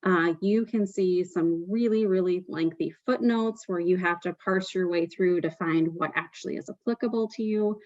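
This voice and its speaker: A woman's voice: on the low side, normal speed, hardly any pauses, a little mellow, no echo, dull audio. A woman presenting a tax webinar, explaining step by step with frequent "um" fillers.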